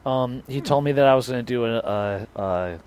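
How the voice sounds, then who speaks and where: A man's voice: mid-range voice, moderate pace, darkish tone, clear, resonant tone. A young man co-hosting a podcast, telling a rambling, self-deprecating story and acting out both sides of the conversation. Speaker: podcast co-host. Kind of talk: casual storytelling chat.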